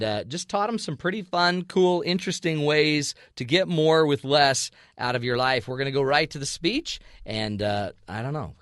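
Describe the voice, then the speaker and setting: A man hosting a radio show, then giving a lively motivational speech to a large audience, telling stories and acting out the dialogue. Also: mid-range voice, long reverb tail. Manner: animated storyteller, acts out dialogue, audience laughter. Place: large hall before an audience.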